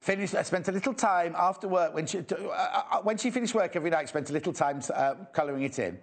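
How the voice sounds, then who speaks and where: A man's voice: high-pitched, fast talker. Chatty English shopping-TV presenter, man. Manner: chatty, enthusiastic, self-mocking asides. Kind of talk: live TV shopping chat. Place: TV studio.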